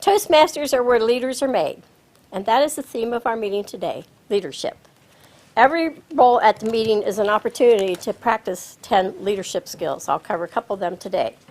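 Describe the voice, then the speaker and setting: Brief: Midwestern American woman, meeting host at a lectern, fairly high voice, clear and instructive. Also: expressive, a little mellow, poor audio. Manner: measured, instructive, announcing guests with rising emphasis. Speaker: Toastmaster of the meeting. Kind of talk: presiding over a club meeting. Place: small TV studio with audience. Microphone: lectern microphone.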